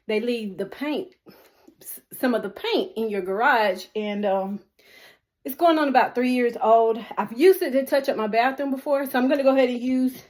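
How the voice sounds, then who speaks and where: A woman chatting casually to her viewers in a home DIY vlog, laughing often as she talks. She records on a camera on a selfie stick inside a small walk-in closet. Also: fairly high pitch. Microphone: camera on a selfie stick or mini tripod.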